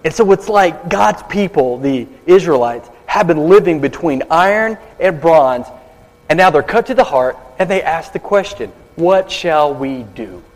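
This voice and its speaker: At a baptism service, a man with a fairly high voice and lively intonation delivers a sermon at normal speed. He tells stories with drama and whispers his asides, all heard through long hall reverb.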